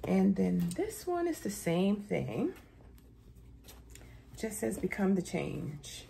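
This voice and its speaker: A woman's voice: slow pace, vocal fry, a little hiss or hum. A middle-aged woman, chatting casually in a haul vlog and saying "y'all" often. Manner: chatty, keeps saying "y'all", pitch jumps high when excited. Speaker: vlogger.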